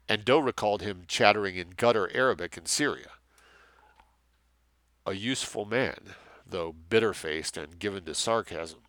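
Bright, dry-voiced male narrator. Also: fairly low pitch, no echo. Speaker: audiobook narrator. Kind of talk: scripted narration.

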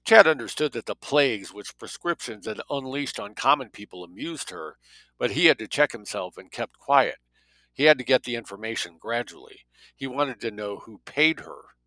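A man narrating a story as an audiobook reader, with a steady, measured delivery. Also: fairly low pitch, dry recording, poor audio.

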